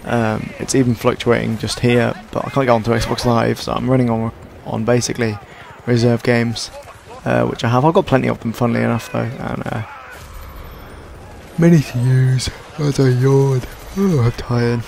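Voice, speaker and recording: Young male gaming commentator, tired and hoarse, gravelly, self-deprecating rambler. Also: mid-range voice, little pitch movement, brisk, few pauses, slight background noise. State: hoarse, sore throat. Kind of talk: casual gameplay commentary.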